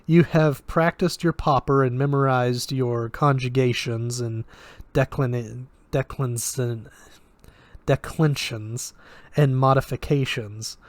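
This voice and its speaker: Man doing a flat Russian-accented magic professor. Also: mid-range voice, slow pace, dry recording, lightly acted. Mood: lecturing. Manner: flat, lecturing, sarcastic. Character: sardonic male magic professor, flat-voiced.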